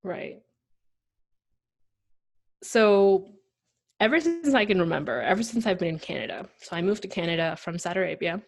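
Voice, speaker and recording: A young woman from Pakistan, a guest on an interview podcast, telling her story in a lively conversational way and acting out the voices of people she quotes. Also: medium pitch, normal speed, gravelly, pauses often. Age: young adult.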